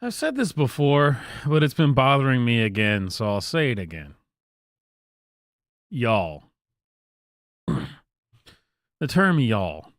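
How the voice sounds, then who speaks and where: Southern guy ranting on his channel, smooth clear voice, dry close sound, keeps restarting and going uh. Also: mid-range voice, sing-song, slow pace, long pauses, no echo. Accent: Southern American. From American South. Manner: exasperated and emphatic, with frequent restarts and fillers. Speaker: commentary channel host. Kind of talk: casual opinion rant.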